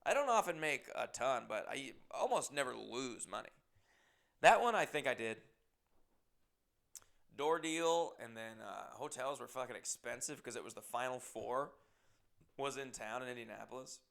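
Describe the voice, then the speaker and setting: A man's voice: mid-range voice, animated, normal speed, creaky, fairly bright tone. A man hosting a podcast, telling rambling, self-deprecating stories and swearing often. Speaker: comedian and podcast host. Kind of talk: casual podcast monologue.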